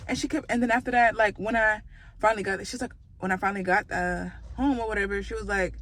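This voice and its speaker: A woman recounting a workplace story to camera in a casual storytime vlog. She talks in a chatty, animated way, full of fillers and quick laughs, at a middling pitch.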